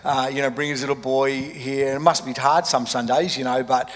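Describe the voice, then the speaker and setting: A man's voice: mid-range voice, steady tone, a little fast. A man hosting an interview, affirming and encouraging his guest as he asks questions. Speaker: host. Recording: reverberant room.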